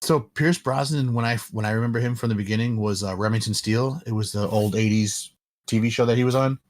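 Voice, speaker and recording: A man's voice: medium pitch, quick pace. A man co-hosting a casual podcast chat, rambling with many fillers and restarts. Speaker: podcast co-host.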